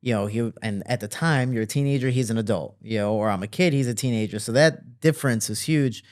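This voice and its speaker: A man telling stories from his childhood as a guest in an interview, with lively quoting and relaxed fillers. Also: a little fast. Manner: animated, jumps higher to quote people; fillers and restarts, relaxed flow. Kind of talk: casual storytelling.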